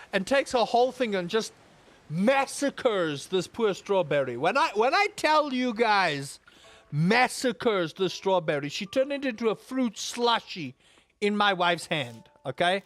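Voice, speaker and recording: A man's voice: high-pitched, measured pace, dry recording. A young man with a rambling, exaggerated storytelling manner, chatting casually while playing a game. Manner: animated storyteller, exaggerated outbursts, rambling asides. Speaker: gaming YouTuber.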